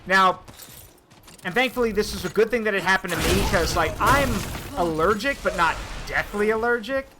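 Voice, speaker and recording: A man streaming a game, telling stories in an animated way with swearing and asides, in casual chat. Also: high voice, normal speed, background noise. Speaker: streamer and host.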